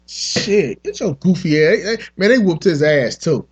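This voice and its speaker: Podcast host, male, angry rant, husky, slightly high voice, muffled lo-fi sound. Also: sing-song, a little slow, few pauses. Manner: heated, profane, repeats himself in bursts. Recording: dull lo-fi podcast audio.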